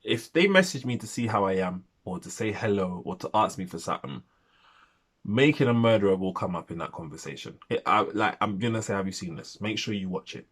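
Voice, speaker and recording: A man in his thirties talks through a casual video review in a low, slightly husky voice. He rambles and repeats his points for emphasis, in a chatty tone. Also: animated, brisk, a bit bright. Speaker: film reviewer.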